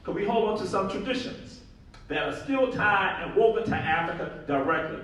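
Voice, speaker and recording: A man speaks to a conference audience with emphatic, animated delivery, stressing and repeating his key points. His voice sits a bit high. He is picked up from a distance, and a heavy echo from the large hall surrounds every word. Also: moderate pace. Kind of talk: public lecture. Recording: very echoey hall, voice from far off.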